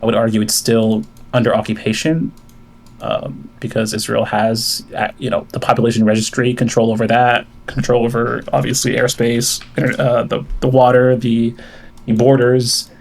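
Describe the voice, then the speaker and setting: A man's voice: mid-range voice, flat delivery, moderate pace, creaky, a little mellow. A man on a call with a streamer, laying out a long argument point by point, with many fillers and restarts. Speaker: caller debating the host. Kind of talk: online debate call.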